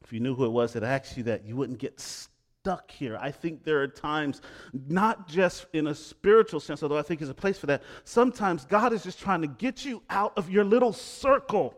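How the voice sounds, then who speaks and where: A middle-aged male pastor preaching a sermon, swinging between loud emphatic lines and hushed quiet ones. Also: fairly high pitch, moderate pace.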